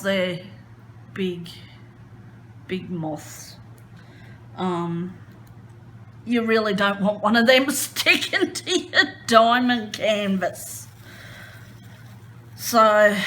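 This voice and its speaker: A woman chatting casually as she crafts, retelling a story in an expressive, animated way. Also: mid-range voice, a little hiss or hum. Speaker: crafting vlogger.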